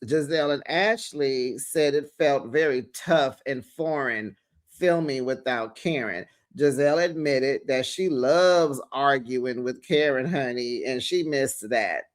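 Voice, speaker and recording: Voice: mid-range voice, a little slow. A sassy host doing a casual gossipy recap of a reality show, calling viewers besties and child.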